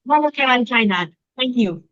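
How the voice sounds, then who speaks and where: A woman from Pakistan giving an online webinar talk as a physician-scientist, speaking quickly from her home through a computer mic set back from her. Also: fairly high pitch, lively intonation, a bit bright, no room sound. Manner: fast-talking, explanatory. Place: home, in the middle of moving. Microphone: computer mic, not close. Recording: dull lo-fi video call audio.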